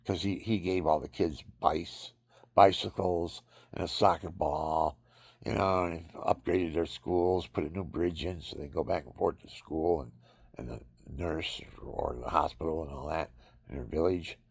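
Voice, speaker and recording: A man with a very low, gravelly voice rambles through a religious monologue, drifting from story to sermon. His tone is husky and roughened, and he suddenly breaks into high, acted-out cries. The sound is close and dry, with no room around it. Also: fairly even intonation, a little slow, dry recording.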